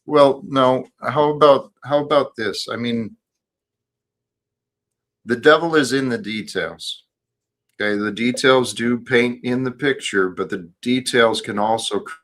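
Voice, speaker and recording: A man hosting a casual talk show, speaking in a measured, reflective and earnest way. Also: medium pitch, a bit bright. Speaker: host. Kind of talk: casual chat.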